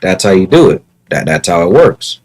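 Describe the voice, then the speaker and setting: A man's voice: deep voice, very animated, normal speed, darkish tone, poor audio. A man talking casually on his own livestream, earnest and repetitive, often restarting his words. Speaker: live streamer.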